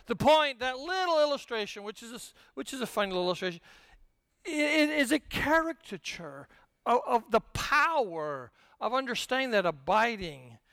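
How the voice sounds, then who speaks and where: An older man preaching a sermon, telling stories with humor and swinging from hushed asides to shouted peaks. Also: extremely high pitch, sing-song, moderate pace, vocal fry, no room sound. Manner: storytelling with humor. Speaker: pastor.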